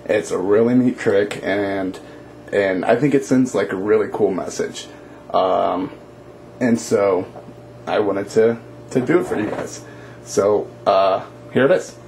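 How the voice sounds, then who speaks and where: A man's voice: on the low side, a little slow, slight background noise. Casual male storyteller, easygoing, filler-heavy, talks to viewers. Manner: relaxed, with fillers and hedges.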